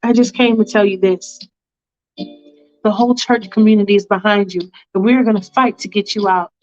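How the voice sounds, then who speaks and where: A woman voicing a supportive church pastor who speaks calmly and reassuringly. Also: medium pitch, normal speed, faint music behind, close to an everyday voice. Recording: dull lo-fi recording.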